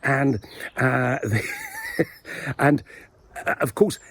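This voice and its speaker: Husky man rambling in mock-serious tones. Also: medium pitch, steady tone, drawn-out words, fairly bright tone, no echo. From England. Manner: dry mock-serious rambling with playful asides. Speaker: video blogger host. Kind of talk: rambling satirical monologue. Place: outdoors in a village graveyard.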